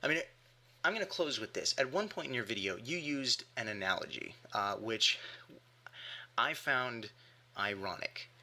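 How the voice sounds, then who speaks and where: A man's voice: mid-range voice, lively intonation, normal speed, bright, forceful tone. A man delivering an argumentative rebuttal monologue with emphatic rhetorical questions. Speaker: atheist commentator.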